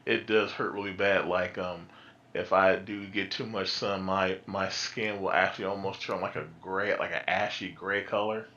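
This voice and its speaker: A man's voice: low-pitched, level tone, moderate pace, bright, forceful tone, a little hiss or hum. A man chatting casually on a stream, telling rambling stories and laughing often. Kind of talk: casual group chat. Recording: muffled lo-fi audio.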